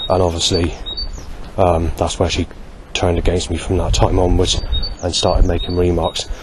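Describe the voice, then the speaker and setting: Deep-voiced man rambling out of doors. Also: monotone, noisy background. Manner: halting, with many restarts and self-corrections. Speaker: vlogger recording a daily log. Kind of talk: rambling spoken diary.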